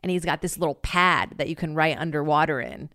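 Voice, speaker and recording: A woman telling a long story in casual chat, animated and swearing freely, with lots of "like" and loudly acted-out quotes. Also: low voice, fairly quick, no room sound, clean studio sound. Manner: heavy use of filler "like".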